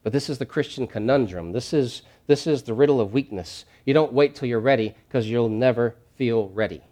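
A man's voice: medium pitch, fairly quick. Emphatic man preaching a sermon. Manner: emphatic, repeats key phrases, swings from hushed to loud. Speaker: pastor. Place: church, behind a podium.

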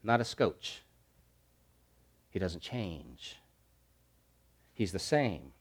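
A man preaching a sermon, building to loud emphatic repeated phrases, then dropping to quiet, soft lines. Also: sits low, very animated, extremely slow, husky. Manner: preaching with swelling emphatic repetition and dramatic drops to quiet. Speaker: pastor.

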